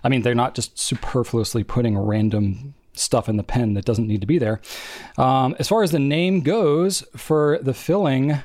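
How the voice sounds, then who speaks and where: A man's voice: mid-range voice, darkish tone, dry recording. Young male co-host, easygoing rambler, dry close sound, mid-range voice. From family from New England. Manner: chatty, rambling, quick asides. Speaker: podcast co-host. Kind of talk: casual chat.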